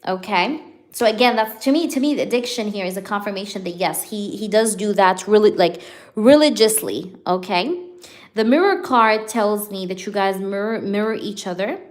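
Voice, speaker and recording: A young woman chats her way through a live tarot reading, talking straight to her viewers. She fills her speech with "like" and "you know" and speaks at an easy, mid-range pitch. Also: lively intonation, moderate pace. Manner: chatty, filler-heavy, talks straight to viewers. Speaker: tarot reader.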